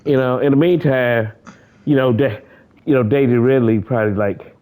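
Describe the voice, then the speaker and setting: A man's voice: medium pitch, moderate pace, narrow, tinny audio. A man chatting casually while gaming, rambling and cursing, often breaking into laughter. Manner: animated, laughing, rambling, profane.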